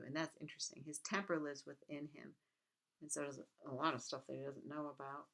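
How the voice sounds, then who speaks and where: A woman with a notably low voice lectures on a text in a relaxed, conversational way. She reads quoted lines aloud, then drops into quick, chatty commentary. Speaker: literature teacher. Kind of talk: casual recorded lecture.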